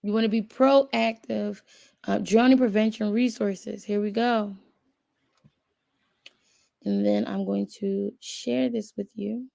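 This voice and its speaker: A woman's voice: medium pitch, steady tone, takes it slowly, gravelly, pauses often, mellow, dry recording. A woman hosting a casual video, thinking aloud as she browses and reads web pages aloud to her viewers, with frequent fillers. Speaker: channel host. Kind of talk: casual commentary while browsing and reading aloud.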